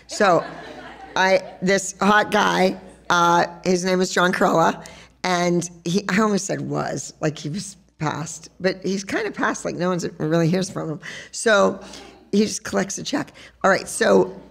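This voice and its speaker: Gravelly low-voiced woman telling stories. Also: measured pace. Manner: chatty, animated storyteller. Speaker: podcast host and dance teacher. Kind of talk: storytelling on stage at a live podcast event. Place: sports bar, live show.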